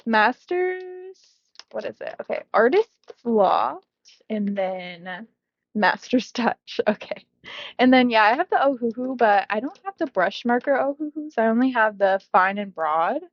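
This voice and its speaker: A woman's voice: on the high side, expressive, measured pace, no room sound, muffled recording. Giggly young woman, rambling coloring chat. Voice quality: giggly, laughs often mid-sentence. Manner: rambling, self-interrupting, bubbly. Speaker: coloring YouTuber. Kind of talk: casual chatty voice-over while coloring.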